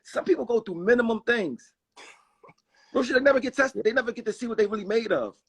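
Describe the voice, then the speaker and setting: A man in his forties from Philadelphia with a high, gravelly, husky voice. He talks fast and restarts his sentences often, pressing his points home emphatically. He rambles through candid personal stories in a seated interview. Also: lively intonation, fairly bright tone. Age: 40s. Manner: rambling, emphatic, frequent restarts and "you know what I mean". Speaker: guest rapper.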